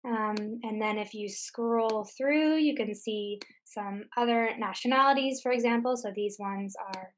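Patient woman walking through software steps. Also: a little high, a little slow, hardly any pauses, a little hiss or hum. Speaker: tech tutor. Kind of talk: screen-share software tutorial. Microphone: computer mic on a recorded webinar.

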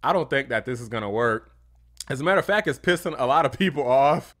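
A man's voice: mid-range voice, lively intonation, fast, a bit bright. A man hosting a political commentary vlog, talking bluntly and heatedly and throwing insults. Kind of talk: opinionated commentary.

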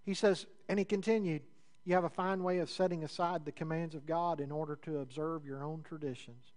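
A man preaching a sermon in a conversational way, building up with rising emphasis and then dropping into low, quiet asides. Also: steady tone, brisk. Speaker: pastor.

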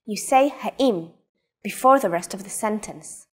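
A woman teaching in a scripted language lesson, pronouncing example sentences slowly and carefully. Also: mid-range voice, lively intonation, husky. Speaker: Hebrew teacher giving native examples.

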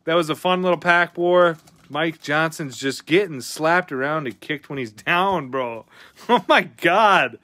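A man hosting a live card-opening stream, chatting casually with viewers, excitable and often swearing as he reacts to each pull. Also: a little high, unhurried, dry recording.

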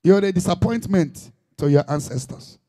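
A man's voice: sits high, lively intonation, normal speed, warm tone. A man preaching an impassioned sermon in Igbo-accented Nigerian English, dropping in Igbo phrases.

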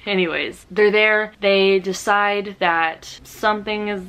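A woman's voice: mid-range voice, steady tone, slow pace, a bit bright, clean tone. A young woman talks through her week of reading in a loose, rambling vlog chat recorded at home. She jokes around and pokes fun at herself as she goes. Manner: joking, rambling, self-deprecating. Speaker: book vlogger.

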